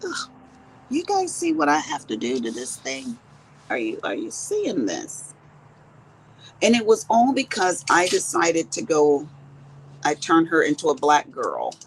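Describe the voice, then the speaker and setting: A low, gravelly woman's voice with a lot of rasp in it, belonging to a woman in her fifties. She chats and tells stories to her viewers as she works on a craft project. Her pitch swings widely from phrase to phrase. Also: wildly swooping pitch, unhurried, long pauses, a little hiss or hum, poor audio. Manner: chatty storyteller talking to viewers as she works. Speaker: crafting vlogger. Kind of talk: casual chat while crafting.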